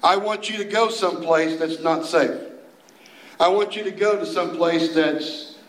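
A male youth minister preaches in a folksy, animated way and slips into playful voices while he tells the story. His voice sits a little high. The recording has the echo of a roomy space. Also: normal speed. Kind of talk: sermon.

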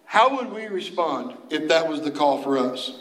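A man preaching a sermon as a youth minister, telling the story in a folksy, animated way with playful put-on voices. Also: a little high, moderate pace, echoey room, poor audio.

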